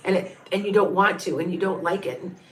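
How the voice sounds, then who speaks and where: Fairly low-pitched and fast-talking, a middle-aged woman does psychic readings on a live stream. She rambles, going over the same ground as she thinks aloud, reading viewers' names and counting quietly.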